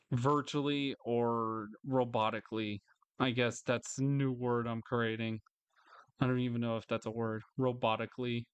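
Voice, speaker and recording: A man angrily ranting in a vlog monologue, swearing heavily, repeating himself and jumping into higher mocking voices. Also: clear, resonant tone, no echo. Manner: frustrated, swearing, repetitive. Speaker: vlogger.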